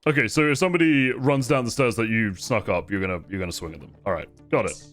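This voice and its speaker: A man running a tabletop game as game master, narrating combat vividly and at an unhurried pace. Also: lowish voice, a bit bright, faint music behind.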